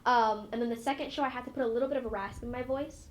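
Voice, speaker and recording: A woman's voice: on the high side, steady tone, racing, a little hiss or hum. A young woman, an actress, chatting in an interview with a bubbly, rambling manner full of fillers. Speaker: actress guest. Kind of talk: casual interview.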